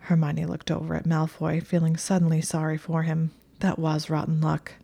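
A woman's voice: deep voice, completely flat delivery, normal speed, vocal fry, warm tone, slightly rough. A woman narrating a story in a dry, wry way.

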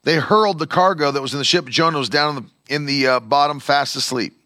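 A man preaching a sermon as a pastor, animated, acting out the voices of the people he quotes. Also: fairly high pitch, fast talker, no echo, clean studio sound.

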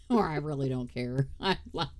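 A woman in her forties hosts a casual podcast chat, talking in a low voice with lively swings in pitch. She takes her time and tells blunt, profane stories, laughing often. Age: 40s. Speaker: podcast host.

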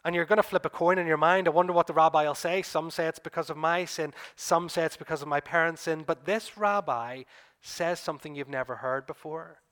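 A man's voice: a little high, fairly quick. Man preaching a vivid story-driven sermon. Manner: vivid storytelling, addressing listeners as "you"; builds to excited peaks, then drops quiet. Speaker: pastor. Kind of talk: sermon retelling a gospel story.

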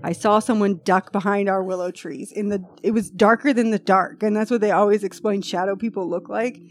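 A woman's voice: medium pitch, fairly even intonation, brisk, slight background noise. A woman hosting a podcast in casual chat, reading a post aloud with chatty, freely swearing asides. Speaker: podcast host.

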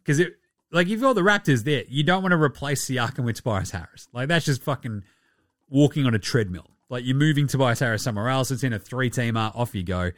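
A man's voice: mid-range voice, expressive, brisk, fairly bright tone, dry recording, studio quality. An Australian man hosting a basketball podcast, rambling through casual, slangy, profane banter. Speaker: podcast host.

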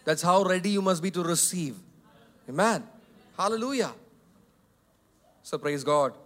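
Emphatic pastor, high voice. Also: male voice, a little slow. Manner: emphatic, repetitive, swings between loud and soft. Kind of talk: sermon. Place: church hall.

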